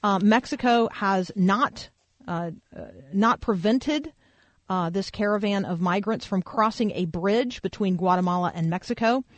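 A woman's voice: mid-range voice, a little slow, no room sound, lo-fi sound. Chatty woman hosting a faith talk show. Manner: conversational, many fillers, thinks aloud. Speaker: radio talk show host. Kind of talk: faith-based news commentary.

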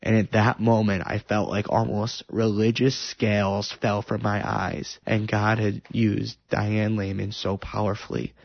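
A man's voice: lowish voice, flat delivery, measured pace, gravelly, hardly any pauses, no echo, dull audio. A man sharing an earnest, emotional personal testimony about faith and love.

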